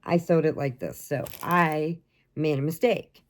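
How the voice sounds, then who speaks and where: A woman's voice: low-pitched, measured pace. An older woman from the area, chatting casually and rambling to camera about her crochet and family, laughing often. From Chicago area. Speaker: crochet vlogger.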